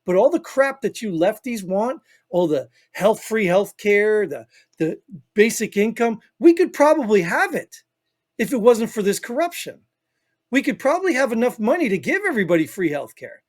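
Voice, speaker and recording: High-voiced rambling man, Northern US accent. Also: sing-song, normal speed. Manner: rambling, emphatic, peppered with "you know what I mean". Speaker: podcast co-host. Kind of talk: opinionated casual chat.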